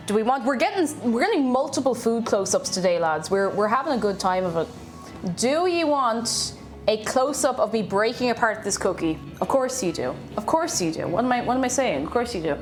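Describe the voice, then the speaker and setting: Lively high-voiced Irish woman. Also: moderate pace, faint music behind. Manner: chatty and playful, reading out chat messages. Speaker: streamer. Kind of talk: casual cooking livestream chat. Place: home kitchen.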